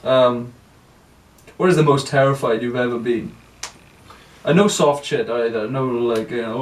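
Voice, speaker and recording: A man's voice: mid-range voice, moderate pace, long pauses. A young man in his twenties, asking questions and joking on a casual podcast chat. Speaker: podcast co-host. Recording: echoey room, mic far off.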